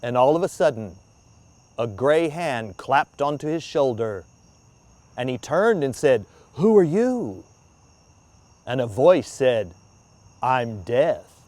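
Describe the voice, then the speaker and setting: A man's voice: medium pitch, animated, measured pace, dry recording. Man telling ghost stories. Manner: dramatic, hushed in places. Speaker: storyteller. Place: outdoor graveyard.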